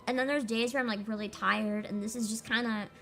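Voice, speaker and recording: A woman's voice: a little high, fairly even intonation, fairly quick, a bit bright. A young woman streamer chatting casually and rambling with giggles, playful with her voice. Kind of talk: casual chat over a game stream.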